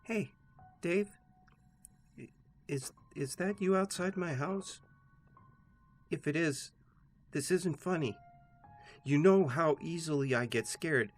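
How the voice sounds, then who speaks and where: A man's voice: a little high, lively intonation, a little slow, pauses often, faint music behind, voice pushed up. A man voicing a frightened young woman leaving voicemails, stammering and pleading. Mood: nervous.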